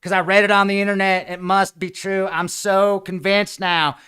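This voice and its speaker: A man hosting a show, ranting sarcastically in a mocking, animated way that swings between loud outbursts and quiet asides. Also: sits high, moderate pace, clean tone. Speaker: show host. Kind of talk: sarcastic comedic rant. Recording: small room with green screen.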